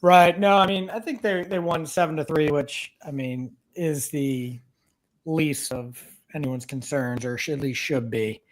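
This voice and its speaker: A man co-hosting a sports podcast over a video call, relaxed and hesitant with many fillers. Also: fairly high pitch, a little slow. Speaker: podcast co-host. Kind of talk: casual sports chat. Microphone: remote video call.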